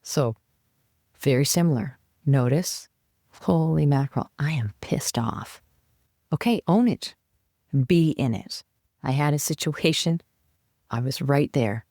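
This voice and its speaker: As a podcast guest, a woman coach offers conversational advice, speaking animatedly and voicing her own inner monologue. Her low, warm voice is unhurried with frequent pauses, recorded in studio quality with no echo.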